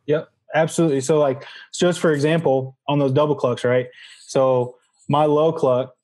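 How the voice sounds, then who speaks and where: Guy guest on a podcast, mellow voice, walks through his technique plainly. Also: fairly high pitch, fairly even intonation, moderate pace. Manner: practical, demonstrates sounds while explaining. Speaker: guest, goose calling champion. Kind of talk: casual interview answers.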